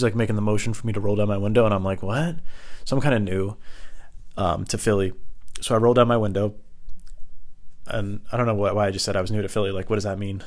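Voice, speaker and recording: A young man hosting a podcast, telling a comic personal story in a rambling way, full of profane, self-mocking asides. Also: lowish voice. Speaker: podcast host.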